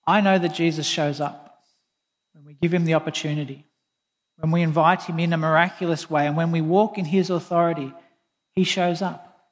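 High-voiced preacher in a reverberant hall. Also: male voice, steady tone, normal speed. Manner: earnest storytelling preacher, quotes scripture. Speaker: pastor. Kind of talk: sermon.

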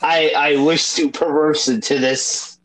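A young American man from Delaware co-hosting a casual gaming podcast, profane and giggly, jumping into squeaky voices. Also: fairly even intonation, unhurried, fairly bright tone. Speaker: podcast co-host.

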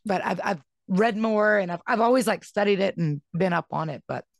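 A woman's voice: medium pitch, fairly quick, gravelly, no room sound, clean studio sound. A woman chatting casually on a podcast, telling rambling stories and acting out quoted voices. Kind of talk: casual chat.

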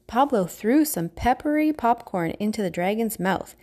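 A woman's voice: on the high side, moderate pace, hardly any pauses. Woman reading a children's storybook. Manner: clear, expressive reading. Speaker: narrator. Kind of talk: children's storybook read-aloud.

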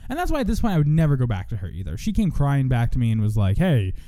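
A man's voice: mid-range voice, wildly swooping pitch, racing, dark tone. A young man hosting a solo podcast, venting in a profane, rambling monologue full of restarts. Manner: profane, rambling, self-interrupting. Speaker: podcast host.

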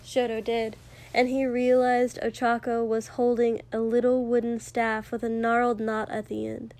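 A woman narrating a fiction story aloud in a measured, expressive way. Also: fairly high pitch. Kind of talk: audiobook fiction reading.

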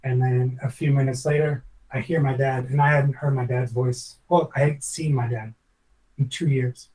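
A man's voice: medium pitch, steady tone, normal speed, darkish tone, recorded from a distance, low-quality recording. A former chef, a man, telling a long personal story in a podcast interview, reflective and earnest, rambling with many restarts.

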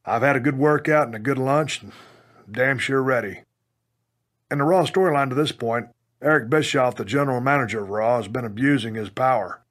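A man from Texas narrating his own memoir as an audiobook, in a gruff, plainspoken storytelling way with some mild cursing. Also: medium pitch. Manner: punches up quoted lines with loud bursts.

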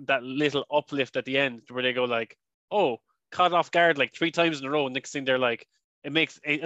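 Bright-voiced podcast host. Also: male voice, mid-range voice, no echo, lo-fi sound. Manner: repeats words while thinking aloud. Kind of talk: casual interview chat.

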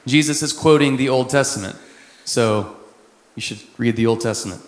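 A man from Texas, a missionary, preaching a sermon in a conversational way with quick asides. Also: medium pitch. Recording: echoey hall with long reverb.

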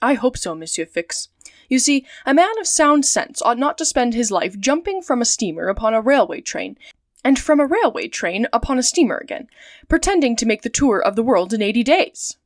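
A woman's voice: fairly high pitch, sing-song, moderate pace, no room sound, clean studio sound. A woman voicing a cheerful, trusting male manservant in a storybook reading, with eager, amiable talk.

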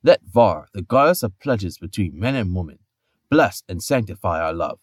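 A man voicing a pompous, lovestruck male giant king, booming and crooning in turn. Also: expressive, normal speed, no echo, studio quality.

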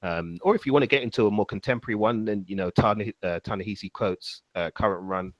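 A young man hosting a casual film podcast, relaxed and full of fillers, laughing easily. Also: on the low side, fast talker, no echo, muffled recording. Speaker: podcast host.

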